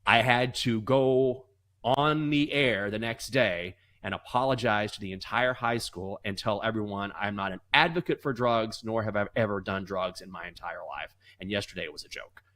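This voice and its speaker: A man co-hosting a sports betting show, telling a story with lively acted-out voices, then talking basketball. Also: on the low side, moderate pace. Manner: animated, acts out voices in anecdotes. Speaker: co-host.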